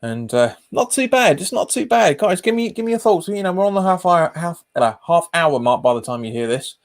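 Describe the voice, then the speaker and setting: High-voiced and very animated, a man talks fairly quickly as he streams a football match live, calling each pass and casually answering viewers in chat. He tends to repeat himself.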